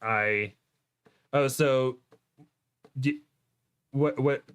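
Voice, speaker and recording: A man's voice: medium pitch, extremely slow, a bit bright, smooth. A young man chatting as a podcast guest, giggly and self-deprecating. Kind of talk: casual chat.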